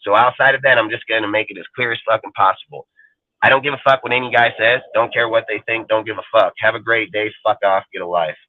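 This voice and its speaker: A man's voice: on the low side, fairly even intonation, fast talker, no room sound. A man on a livestream talk show, delivering an angry, profane and taunting rant from his rural home. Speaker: show panelist. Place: home in a rural forest area. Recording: tinny, dry phone-like line.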